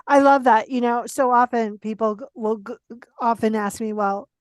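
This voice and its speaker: A woman hosts a casual talk with a fairly high voice, speaking in an emphatic and playfully blunt way. The sound is dry and close to the mic. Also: steady tone, moderate pace, dry recording. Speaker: podcast host. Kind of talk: casual conversational interview.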